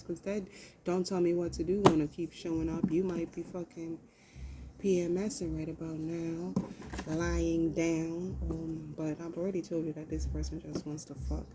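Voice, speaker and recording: A woman's voice: lowish voice, fairly even intonation, normal speed, heavy background noise. A woman giving a casual, profane tarot reading, talking loosely to herself as she pulls cards. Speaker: tarot reader.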